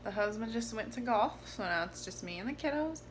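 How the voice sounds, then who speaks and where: A woman's voice: a little high, animated, a little fast, faint music behind. A young woman vlogging as a stay-at-home mom, chatty and self-deprecating, talking a little out of breath while filming herself on a phone. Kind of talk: casual vlog chat. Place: parked car, then outdoors on a walk.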